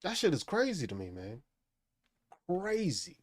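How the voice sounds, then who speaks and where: A host rants angrily into the mic, swearing nonstop and mocking the people he discusses. His slightly high, darkish voice swings widely up and down in a sing-song way at normal speed, and the sound is dry and close with no room echo.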